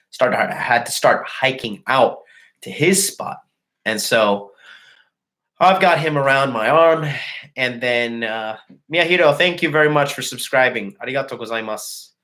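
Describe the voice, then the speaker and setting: Brief: man in his thirties, mid pitch, a livestream host with a casual, crude and boastful way of telling stories. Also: a bit bright. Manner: crude, boastful, profane and laughing. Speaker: dating coach host.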